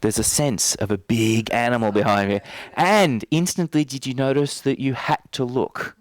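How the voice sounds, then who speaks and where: A man's voice: medium pitch, moderate pace. A man teaching a live workshop, talking to the group in a casual, playful, teasing way. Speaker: NLP trainer. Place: training room.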